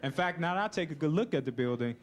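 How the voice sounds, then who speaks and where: A man's voice: a little high, expressive, quick pace. Laid-back male stand-up comic. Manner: laid-back, keeps saying "you know, man". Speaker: stand-up comedian. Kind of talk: stand-up comedy routine. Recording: noisy live recording.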